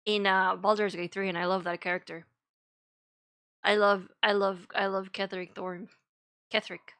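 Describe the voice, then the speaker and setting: A woman's voice: mid-range voice, little pitch movement, normal speed, a bit bright. A young woman streaming, chatting casually and rambling between topics, giggling and swearing now and then. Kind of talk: casual chat.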